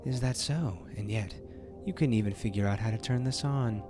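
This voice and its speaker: A man voicing a mocking male video game villain in a slow, taunting, half-whispered way. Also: fairly low pitch, over music, lightly acted.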